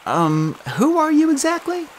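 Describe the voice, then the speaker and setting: A man's voice: very high-pitched, sing-song, measured pace, a little hiss or hum, voice pushed up, full character voice. A man voicing an earnest, hesitant teenage boy in an audiobook.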